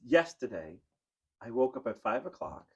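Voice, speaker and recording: A man co-hosting a podcast, telling a long story in casual chat and now and then breaking into high squeals. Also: sing-song, moderate pace, a little mellow, slightly rough. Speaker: podcast co-host.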